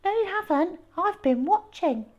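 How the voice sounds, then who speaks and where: A prissy, whiny little boy from a children's storybook, tattling in a high, lively voice, put on by a woman reading aloud. He leaps high and wails. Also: measured pace, muffled recording. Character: small eager goody-goody boy.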